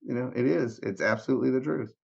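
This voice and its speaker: A man's voice: mid-range voice, fast talker, vocal fry, darkish tone, dull audio. A man guest on a podcast, telling an emotional story and acting out the dialogue, often repeating and restarting words. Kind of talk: animated storytelling with re-enacted dialogue.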